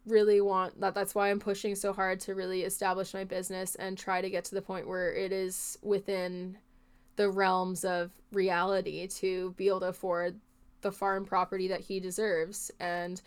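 A woman with a smooth, clear voice talks through a casual podcast monologue. She rambles earnestly and leans on filler words as she hosts the show. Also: medium pitch, monotone, moderate pace. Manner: rambling, heartfelt, filler-heavy speech. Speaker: podcast host and horse trainer.

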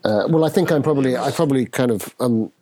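A man playing a tabletop horror game, excitable and prone to swearing. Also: mid-range voice, quick pace. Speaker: player. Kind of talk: tabletop role-play.

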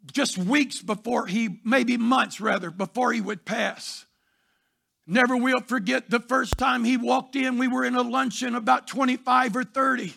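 High, gravelly preacher man. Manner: fervent preaching with shouted emphasis and repetition. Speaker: pastor. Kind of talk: sermon. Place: church sanctuary.

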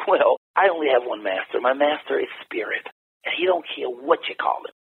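Gravelly older man on a tinny line. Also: a little fast. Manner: animated, preacher-like emphasis with wide pitch swings; folksy and blunt, laughs while talking. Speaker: interview guest. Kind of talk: candid conversational storytelling.

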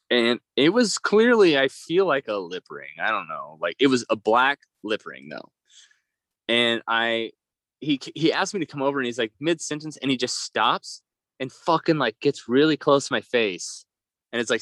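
Young man, lively, swearing storyteller. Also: medium pitch, no room sound. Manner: rambling, profane, laughs while telling stories. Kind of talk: casual storytelling chat.

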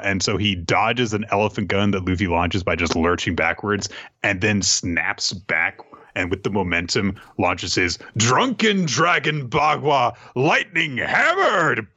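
A man hosting a podcast and casually recapping an episode in an animated way, with quick asides, on a dull lo-fi recording. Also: sits low, dry recording. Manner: animated, retelling fight scenes with quick asides. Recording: dull lo-fi sound.

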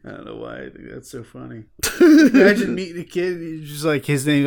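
A man's voice: fairly high pitch, big pitch swings, brisk, creaky. Joking, foul-mouthed man in casual chat. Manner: profane, joking, laughs easily.

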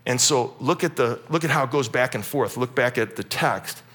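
A pastor in his forties preaching a humorous, animated sermon in a church. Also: mid-range voice, normal speed, husky. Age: 40s. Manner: animated, humorous, acts out quotes.

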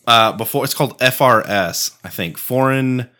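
A man co-hosts a casual podcast chat, rambling, swearing and laughing often. His medium-pitched voice is bright and forceful, at a moderate pace.

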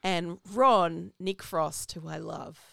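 A woman's voice: on the low side, takes it slowly, creaky, sharp tone, no room sound, studio quality. A woman co-hosting a podcast, chatting casually as she recaps a film's plot. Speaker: podcast co-host. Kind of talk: casual movie discussion.

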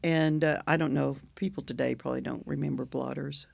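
A man's voice: mid-range voice, steady tone, fairly quick, gravelly, no room sound. A man from Oklahoma co-hosting a casual podcast, chatty and explaining at length with frequent laughs. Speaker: podcast co-host. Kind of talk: casual chat.

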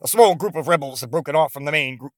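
A man putting on the voice of a menacing, commanding male villain lord, proclaiming loudly. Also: fast talker, dry recording, clean studio sound, natural voice. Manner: booming, boisterous proclamations.

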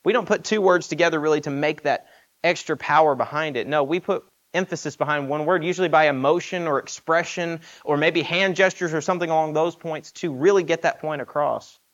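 High-voiced man preaching, dull recording. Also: brisk. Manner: earnest, emphatic, uses rhetorical questions. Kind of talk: sermon.

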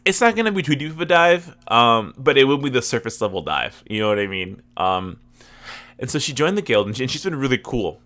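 Animated, bright-voiced man telling stories. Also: mid-range voice, brisk. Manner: animated storytelling, swears freely. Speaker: podcast host and guild recruiter. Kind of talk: casual podcast chat.

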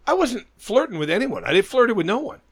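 This podcast host, a middle-aged man, rambles through a sprawling tale and swears constantly in casual conversation. He sounds high, husky and very animated, talking briskly in a recording with no echo.

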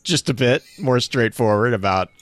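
A man's voice: mid-range voice, lively intonation, moderate pace, a bit bright, soft background music. A man hosting a casual online podcast, reading sponsor notes and then chatting loosely with restarts. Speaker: podcast host.

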